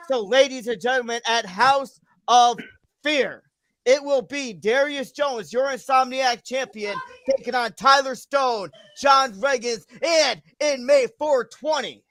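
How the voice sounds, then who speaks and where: For a narrative-driven wrestling stream, a high-voiced host gives eager commentary at a measured clip, erupting into shouts and curses at the peaks. The audio is dry.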